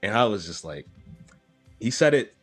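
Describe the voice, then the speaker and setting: A man's voice: fairly low pitch, sing-song, normal speed, husky, faint music behind. A man co-hosting a casual chat, telling rambling stories with frequent laughs and restarts.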